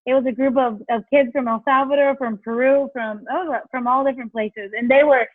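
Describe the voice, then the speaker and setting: A woman's voice: high voice, brisk, no echo. A woman telling faith stories as a guest, acting out the quotes. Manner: animated storyteller, acts out quotes. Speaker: guest, children's ministry leader. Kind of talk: storytelling in a faith interview. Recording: tinny phone-like line.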